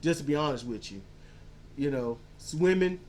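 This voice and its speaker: Animated, swearing podcast co-host. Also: medium pitch, moderate pace. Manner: animated storyteller, acts out quotes; casual, swears freely. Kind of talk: casual movie-review chat.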